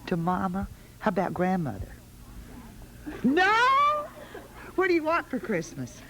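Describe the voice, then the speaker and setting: A woman's voice: on the low side, huge pitch swings, fairly quick, very noisy. A woman hosting a holiday television show in a studio, coaxing small children with sing-song questions. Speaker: television host.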